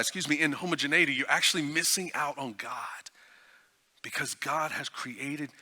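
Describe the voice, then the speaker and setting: A man from Texas preaching a sermon. He tells a story, dropping to a hushed voice for tender moments, and often stammers and restarts. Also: fairly high pitch. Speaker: guest preacher.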